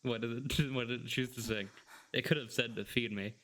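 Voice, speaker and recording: A man's voice: medium pitch, steady tone, fairly quick, fairly bright tone. A man giving casual let's-play commentary, joking and sarcastic and laughing often. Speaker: gameplay commentator.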